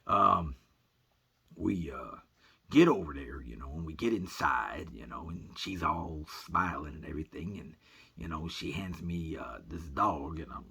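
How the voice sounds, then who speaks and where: A man with a very low, gravelly voice tells a long, rambling comic story. His voice is raspy but bright, and he fills every gap with "you know". His pitch moves up and down a lot. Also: lively intonation, a little slow.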